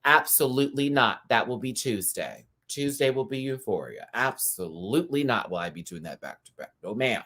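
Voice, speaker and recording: Campy guy doing a live review, voice bouncing all over, chatty with viewers. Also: medium pitch. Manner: animated and campy, quick asides to the chat. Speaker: YouTube host reviewing a TV show. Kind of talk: casual live-stream review.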